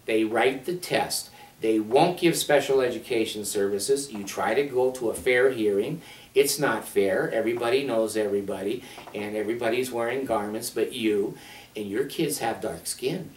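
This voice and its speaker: An agitated man ranting in an echoey room. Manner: animated, profane, swings between loud outbursts and low asides. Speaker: video blogger. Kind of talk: angry storytelling rant. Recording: echoey room, far from mic.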